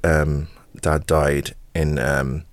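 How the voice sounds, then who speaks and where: An English actor with a bass voice opens up about a personal story as a podcast guest, speaking extremely slowly with flat delivery and no echo. He's emotional, repeats words, and laughs through hard memories.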